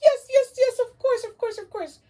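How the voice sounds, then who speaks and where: A woman voicing an excitable owl puppet who talks in a high squeaky voice and repeats words eagerly. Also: moderate pace.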